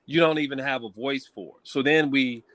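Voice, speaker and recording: A man calling in to a talk show, telling his story in a casual, animated way with rising emphasis. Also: medium pitch, moderate pace, no echo. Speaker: caller. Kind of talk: casual call-in chat.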